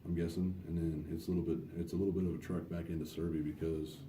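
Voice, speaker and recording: A man's voice: low voice, flat delivery, fast, dark tone, slight background noise. A man giving rambling, matter-of-fact directions in a clip recorded from a distance. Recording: distant roomy clip with faint ambience.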